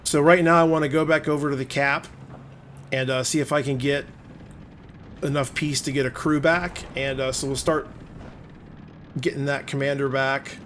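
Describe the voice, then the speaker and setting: Man, gameplay commentary voice-over, middle pitch, conversational, explanatory, frank. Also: steady tone, normal speed, long pauses, a bit bright, slight background noise. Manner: conversational, explaining play as it unfolds; plain-spoken, openly admits frustration. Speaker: gaming video host.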